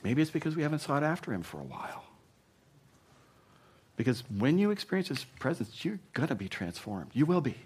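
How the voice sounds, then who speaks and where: A man preaching a sermon as pastor, speaking conversationally and punching key words loudly before dropping to a hush. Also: a little high, very animated, brisk, breathy edge. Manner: emphatic, swinging between punchy loud lines and hushed asides; conversational, with frequent "you know".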